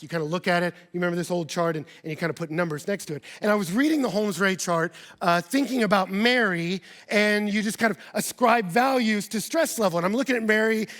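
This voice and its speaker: A man, a pastor, preaching a sermon with personal storytelling, animated and acting out quoted dialogue. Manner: animated, acts out quoted dialogue with big pitch jumps.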